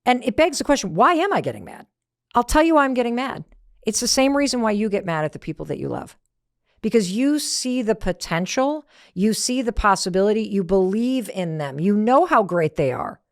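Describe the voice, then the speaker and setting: Woman, middle-aged, podcast host, motivational storytelling, lively pitch, whispered asides. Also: brisk, no echo, studio quality. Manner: animated, acts out quotes, drops to whispered asides.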